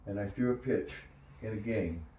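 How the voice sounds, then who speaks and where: An older man recalling his days as a minor league pitcher, telling stories and acting out the voices of others. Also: moderate pace, muffled recording, slight background noise. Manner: animated storyteller who acts out quoted voices. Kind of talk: storytelling interview. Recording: echoey room, distant mic.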